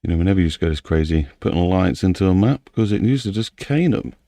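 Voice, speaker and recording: Low gravelly man, out of breath. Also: fast talker, warm tone, dry recording. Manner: muttering and thinking aloud to himself. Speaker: game map modder. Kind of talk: casual commentary while building a game map.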